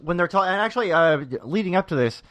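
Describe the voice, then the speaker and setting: A man co-hosting a podcast, agreeable and chatty, often affirming and pausing mid-thought. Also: high-pitched, animated, a bit bright, no echo. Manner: agreeable, frequent affirmations, halting. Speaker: podcast co-host. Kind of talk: casual chat.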